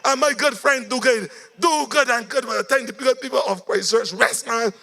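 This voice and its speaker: Hoarse, fiery Barbadian man at a rally. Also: very high voice, normal speed, bright, forceful tone. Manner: fiery, sing-song, ends phrases with "man". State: voice going hoarse. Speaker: political speaker. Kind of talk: political rally speech.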